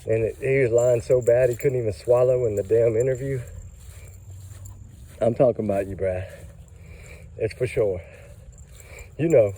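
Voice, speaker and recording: A man's voice: mid-range voice, mellow, slightly rough, poor audio. A man, out of breath and tired, ranting angrily in casual commentary about a case. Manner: heated, ranting, emphatic. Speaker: true crime commentator.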